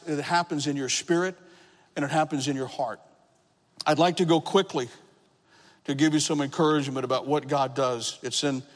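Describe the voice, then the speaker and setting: A man preaching a sermon, telling his own conversion story with rising emotion and shouted praise. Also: on the high side. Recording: long hall reverb.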